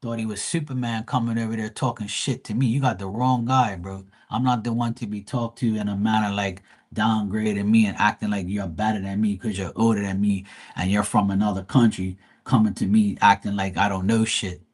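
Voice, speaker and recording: A man's voice: on the low side, fairly even intonation, fairly quick, darkish tone, husky. A man from Bermuda, retelling a neighbor quarrel in a profane, heated way on a casual livestream. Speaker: live tarot reader.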